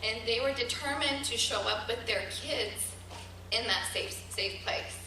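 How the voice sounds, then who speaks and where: Female teacher speech, earnest and halting, distant mic, roomy hall. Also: a little high, sharp tone, slight background noise. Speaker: teacher speaking at a gathering. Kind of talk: emotional speech to an audience. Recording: echoey hall recorded from far.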